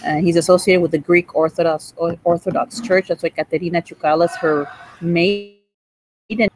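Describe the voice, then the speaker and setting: A woman's voice: on the low side, little pitch movement, brisk, a little mellow, a little hiss or hum, rough recording. A woman in her forties delivering a rambling, accusatory monologue, swearing and breaking into laughter, recorded in a hospital cafe. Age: 40s. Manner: rants with bursts of laughter and profanity.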